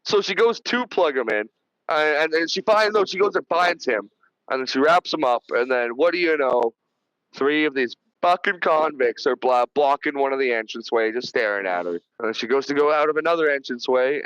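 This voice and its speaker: A man's voice: mid-range voice, lively intonation, moderate pace, a bit bright, smooth, no room sound, muffled recording. A man hosting a podcast, retelling film scenes in a rambling, profane, casual way over a remote call. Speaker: podcast host. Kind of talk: casual movie review chat.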